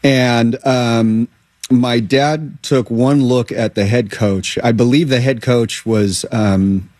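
A man's voice: mid-range voice, steady tone, slow pace, a little mellow, no room sound. A man who is a comedian guest, chatting casually and slipping into exaggerated quoted voices.

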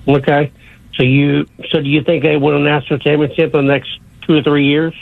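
A man's voice: fairly high pitch, little pitch movement, brisk, vocal fry, no room sound. A man calling in to a sports radio show in a casual, friendly way. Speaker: caller. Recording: tinny phone line.

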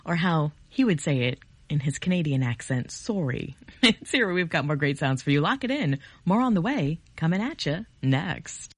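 A woman DJ talks between songs, bubbly and playful. Her voice is low, slightly husky and very lively. The studio sound is dry. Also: normal speed, no echo. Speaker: radio DJ. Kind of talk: upbeat radio links between songs.

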